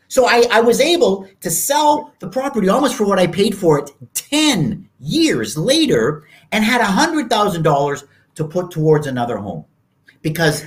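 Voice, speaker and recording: Guy in his 50s on a podcast, super animated, jumps up loud for quotes. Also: high-pitched. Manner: animated, acts out quotes in raised voices. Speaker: podcast guest. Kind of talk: storytelling interview talk.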